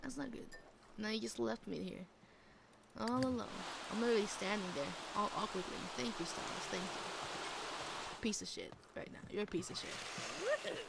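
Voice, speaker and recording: A woman's voice: medium pitch, lively intonation, normal speed, vocal fry, long pauses. A young woman giving casual gameplay commentary, swearing freely and playfully scolding the characters on screen. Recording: loud background noise.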